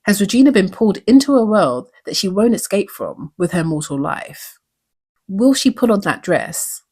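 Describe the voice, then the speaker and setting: A woman's voice: medium pitch, lively intonation, moderate pace, darkish tone, slightly rough. A woman hosting a recap show, talking in an earnest, reflective way and asking many questions. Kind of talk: recap commentary.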